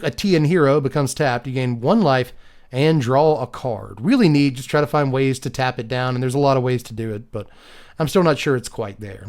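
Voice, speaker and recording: A young man casually reviewing game cards one after another, thinking aloud and handing out quick number ratings. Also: mid-range voice.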